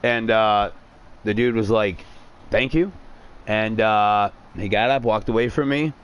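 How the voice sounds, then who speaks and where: A man's voice: fairly low pitch, fairly even intonation, a little slow, clean tone, highs cut off. A man telling a long personal story on a stream, blunt and full of swearing, quoting himself and others as he goes. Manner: profane, blunt, quotes himself often.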